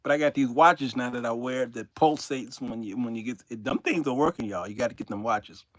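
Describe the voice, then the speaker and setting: An older man hosting his own show, telling a comic story to his viewers in an animated way and laughing through his own punchlines. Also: mid-range voice, fairly quick, no echo, studio quality. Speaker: show host.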